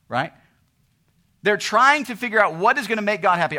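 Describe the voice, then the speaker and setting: A man preaching a sermon, asking rhetorical questions and swinging between loud emphasis and quiet asides. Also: sits high, animated, fast. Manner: asks rhetorical questions and acts out what people say to God.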